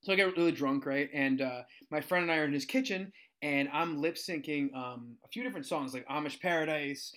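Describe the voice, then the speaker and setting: A man in his thirties tells funny stories in casual chat, with a slightly high voice. He talks with energy and keeps acting out the voices of the people he quotes, his pitch leaping up at the punchlines. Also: a little fast, few pauses. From United States. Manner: animated, acts out quoted voices, jumps in pitch. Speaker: guest storyteller.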